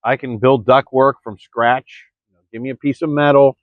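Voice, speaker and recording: A man's voice: medium pitch, fairly even intonation, moderate pace, dry recording. Rambling man talking to viewers, lo-fi. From Florida. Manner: rambling, repeats words, addresses listeners as folks. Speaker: vlogger. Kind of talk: rambling monologue. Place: early morning, indoors or near the camera. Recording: dry, dull lo-fi sound.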